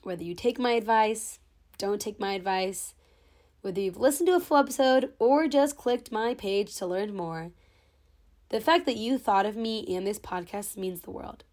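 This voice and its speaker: A young woman hosts her podcast alone in front of her camera, speaking with open sentiment. She sounds close to tears but keeps talking steadily, her voice at an ordinary middle pitch. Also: normal speed, darkish tone. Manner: sentimental, tearful but holding back. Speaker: podcast host. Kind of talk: heartfelt podcast monologue. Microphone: own camera.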